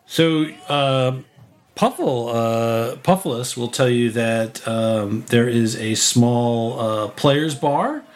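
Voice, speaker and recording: Acting as game master, a man hosts and narrates a tabletop game in a relaxed, halting manner full of fillers. His voice sits in the mid-range.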